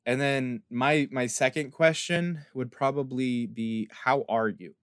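Podcast co-host, man, mid-pitched, earnest and rambling, dry close mic. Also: unhurried, fairly bright tone, smooth, no room sound. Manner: earnest, rambling with restarts and acted-out quotes. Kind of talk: casual podcast chat.

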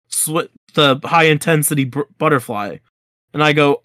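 A young man co-hosting a podcast tells a school story in casual, animated chat. His voice sits a bit high, and he acts out the dialogue he quotes. The recording is close and dry, with no room sound. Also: normal speed, dry recording. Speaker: podcast co-host.

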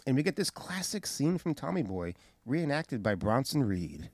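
A man co-hosting a podcast in casual chat, recapping wrestling with a lively, swooping delivery. He swears freely and sounds dry and close to the mic. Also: medium pitch, moderate pace, dry recording. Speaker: podcast co-host.

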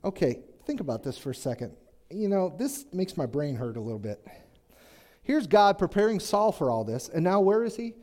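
A man's voice: sits high, sing-song, moderate pace, a little mellow. A man preaching a conversational sermon, chatty and joking, asking the congregation questions. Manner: chatty, asks the congregation questions, jokes in asides.

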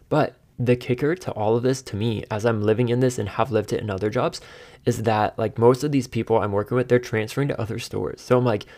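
A man in his thirties talks alone on his podcast in a casual, rambling monologue, sounding exasperated and often laughing at himself. His voice is lowish and a little mellow, with vocal fry.

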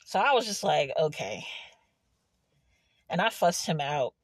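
Animated, rambling young woman vlogging. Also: fairly low pitch, fairly quick, dry recording. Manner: rambling, animated storytelling with frequent laughs. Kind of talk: casual confessional vlog. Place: in a car in an empty parking lot.

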